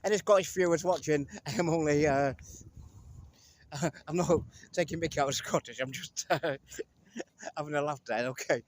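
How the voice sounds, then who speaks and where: A man's voice: fairly high pitch, moderate pace. A joking man with a slightly raised voice chats to the camera on a walking vlog. He is from England and is filming outdoors, with a faint hum of the street behind him. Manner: chatty, joking, talks to camera. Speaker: vlogger. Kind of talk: casual walking vlog narration.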